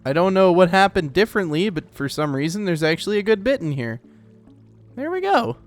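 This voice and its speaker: A man's voice: high voice, fast talker, soft background music. A young man from Oklahoma with an Oklahoman accent, hosting a casual gameplay let's play in a chatty, self-deprecating, rambling way. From Oklahoma, United States.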